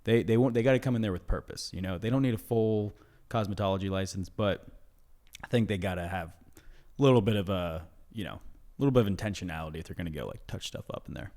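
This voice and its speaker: A man's voice: low voice, fast talker, a little mellow. A young man co-hosting a comedy podcast, talking in a laid-back, hedging way full of "you know". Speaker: podcast co-host. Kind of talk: casual comedic chat.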